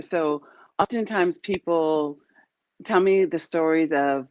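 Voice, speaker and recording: A woman's voice: deep voice, slow pace, darkish tone, dry recording. Middle-aged woman host, chatty storyteller, dry muffled call sound. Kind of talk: casual interview chat. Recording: dry, dull lo-fi call audio.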